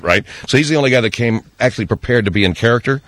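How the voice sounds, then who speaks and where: A middle-aged man hosting a radio show, telling an animated story and slipping into voices when he quotes people. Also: medium pitch, racing, few pauses, no echo. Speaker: radio host. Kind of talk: storytelling monologue on talk radio.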